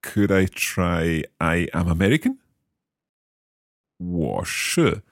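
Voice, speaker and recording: A man's voice: low voice, very animated, slow pace, long pauses, no echo, clean studio sound. A man hosting a language lesson, asking questions and carefully repeating new phrases. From Scotland. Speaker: learner host of a language lesson.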